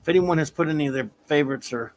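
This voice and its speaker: A man's voice: on the high side, very fast. A man hosting a casual review podcast, talking loosely with lots of ums and restarts. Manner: loose, filler-heavy, meandering. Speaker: podcast host.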